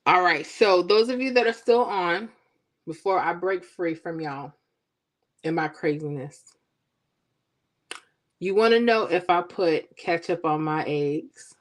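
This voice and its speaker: A woman hosting a casual livestream, chatting with viewers and teasing them in a playful, animated way. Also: lowish voice, takes it slowly, long pauses. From Florida. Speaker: livestream host. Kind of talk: casual chat with live viewers.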